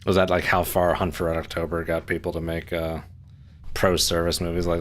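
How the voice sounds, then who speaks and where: A man's voice: low voice, level tone, fairly quick, a bit bright. A man chatting casually on a live stream while playing a submarine game, rambling with fillers and restarts.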